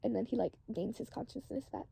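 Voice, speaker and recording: Woman, very raspy, dark tone, casual rambling storytelling, constant "like". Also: on the high side, fast talker.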